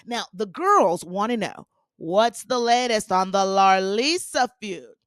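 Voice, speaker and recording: A sassy woman host dishing on reality TV in a lively, bouncing voice that sits a little high. She talks close to a dry mic, with no room sound. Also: no echo. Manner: sassy, animated, acts out quotes in put-on voices. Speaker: podcast host recapping reality TV. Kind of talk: casual gossipy recap.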